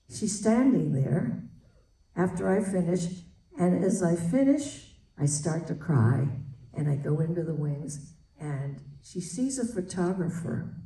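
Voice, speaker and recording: Older woman, lively storytelling voice, roomy hall, far from the mic. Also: on the low side. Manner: animated storyteller, laughing. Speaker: guest. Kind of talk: anecdote on stage.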